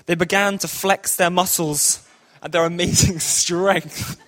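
A man's voice: high voice, fairly even intonation, a little slow, fairly bright tone. A man telling a comic story and leading a group in a playful, upbeat, ad-libbing way.

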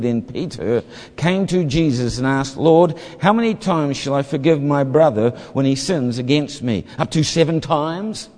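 A man's voice: medium pitch, darkish tone. A man preaching a sermon, reading scripture and explaining it, briefly acting out voices from the story. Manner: expository, acts out the parable's voices. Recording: hall reverb.

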